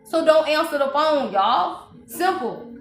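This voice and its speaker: A woman's voice: high-pitched, expressive, a little slow, roomy sound, a little hiss or hum. A woman giving a blunt, profane, preachy spiritual reading on a livestream, laughing often. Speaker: spiritual reader.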